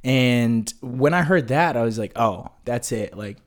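A man's voice: medium pitch, expressive, measured pace. A young man talking casually as an interview guest, laid-back and slangy, with lots of "like" fillers. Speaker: guest, marketing business owner.

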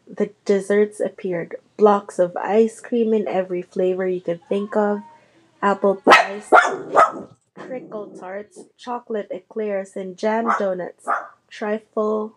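A woman narrating a children's novel chapter aloud in a steady storytelling manner. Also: medium pitch, slow, noisy background. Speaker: reader. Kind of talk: audiobook narration.

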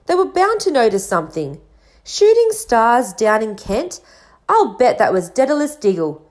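A woman's voice: a little high, big pitch swings, moderate pace, pitched above the performer's own voice. A woman voicing a severe older witch professor who talks impatiently and irritably. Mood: irritable.

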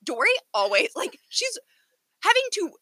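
A woman co-hosting a casual podcast, telling a story with emphatic, defensive energy. Her voice is very bright and swings through a lively range. The sound is dry and close. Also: extremely high pitch, moderate pace, no room sound. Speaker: podcast co-host. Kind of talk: casual chat.

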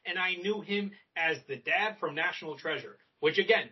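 A young man co-hosting a casual movie podcast, swearing freely and acting out lines from the film with excitement. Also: high-pitched, moderate pace. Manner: excited, swears a lot, acts out movie quotes. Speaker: podcast co-host. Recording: distant mic, dull lo-fi sound.

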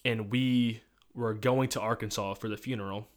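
A man's voice: on the low side, fairly even intonation, normal speed. A young man from Missouri, co-hosting a podcast in a casual chat, rambling through long stories and laughing often. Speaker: podcast host.

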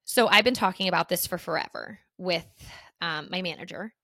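A woman's voice: fairly low pitch, brisk, fairly bright tone, dry recording, clean studio sound. A woman in her thirties hosting a podcast, telling a story in a chatty, rambling way with many fillers. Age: 30s. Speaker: podcast host. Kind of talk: casual storytelling chat.

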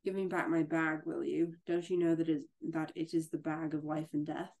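A woman's voice: deep voice, level tone, normal speed. A woman reading aloud the lines of a menacing, possessive masked man from a gothic novel. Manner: read aloud from a novel, louder and sharper.

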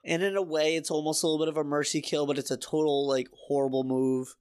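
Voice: medium pitch, little pitch movement, quick pace, a little mellow, clear, resonant tone. A podcast co-host in a casual book discussion, talking about the story in an earnest, emotionally invested way.

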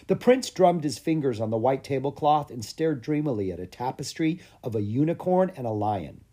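A reader narrating a children's fantasy storybook aloud with lively expression. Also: mid-range voice, normal speed. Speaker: audiobook reader.

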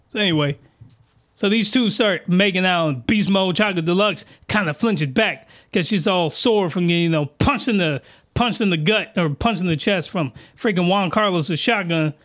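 A man's voice: sits high, moderate pace, fairly bright tone. A man giving a crude, rambling comic review, full of fillers and asides. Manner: rambling, rough-edged, with many fillers. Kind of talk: crude comedic commentary.

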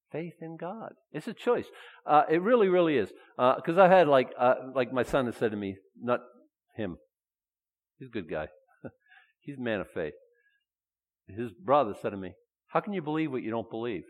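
A man preaching a sermon as pastor, animated, asking his listeners rhetorical questions and adding chuckling asides. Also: mid-range voice. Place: church sanctuary. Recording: long hall reverb.

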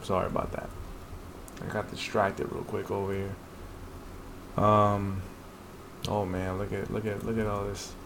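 A man hosting a casual read-along, excitedly reacting to a comic he loves. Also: lowish voice, measured pace, creaky, pauses often, background noise. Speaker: podcast host reading a comic aloud.

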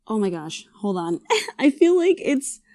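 Young woman, excitable game contestant, dry close sound. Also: mid-range voice, measured pace, no room sound. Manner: excitable, giggly, swears under breath. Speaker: quiz contestant. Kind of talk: casual chat.

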